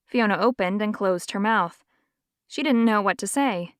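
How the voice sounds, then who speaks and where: A woman narrating an audiobook in a measured, even storytelling manner. Her voice sits in a middle range. The recording is close and dry, with no room echo. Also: mid-range voice.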